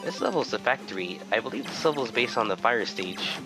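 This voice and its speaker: Guy doing a super polite humble gamer voice, slow and sugary, game music going behind. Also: mid-range voice, animated, lightly acted, low-quality recording. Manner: slow, sugary, mock-gentle commentary. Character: overly polite, humble soft-spoken male gamer. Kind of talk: let's-play commentary. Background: video game music.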